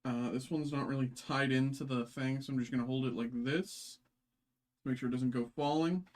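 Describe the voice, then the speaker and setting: A man's voice: mid-range voice, fairly even intonation, moderate pace, darkish tone. A man hosts a live card-opening break, chatting casually as he opens packs. His talk rambles, with constant fillers and restarts. He jokes at his own expense. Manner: self-deprecating, rambling with many fillers and restarts.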